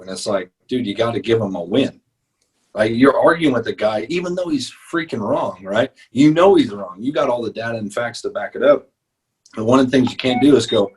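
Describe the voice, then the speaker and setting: A man with a slightly husky, breathy voice talks through sales advice on a podcast. He speaks casually, leaning on his points with rising force when he gets going. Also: mid-range voice, expressive, fairly quick, low-quality recording. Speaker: podcast co-host.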